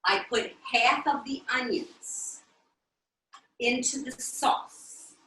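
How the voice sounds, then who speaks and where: A woman's voice: high voice, slow, pushed and bright, roomy sound, rough recording. Chatty Italian-American woman cooking live. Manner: chatty, checks in with viewers often. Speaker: cooking show host. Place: home kitchen.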